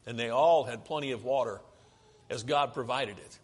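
A man's voice: medium pitch, moderate pace, husky. A man preaching a sermon in a church, often asking the congregation questions and then answering them himself. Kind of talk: sermon with slides. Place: church sanctuary. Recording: long hall reverb.

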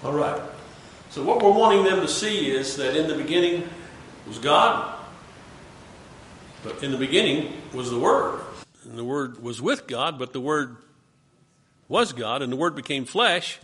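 A man's voice: a little high, lively intonation, a little slow, a bit bright, a little hiss or hum. A man leading a Bible study class, questioning his students and coaching them through the text.

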